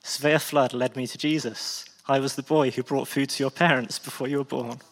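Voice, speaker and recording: A man's voice: mid-range voice, fairly even intonation, moderate pace, a bit bright. Male preacher reading an earnest, moved old church leader. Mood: heartfelt. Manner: heartfelt, earnest. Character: emotional elderly church superintendent.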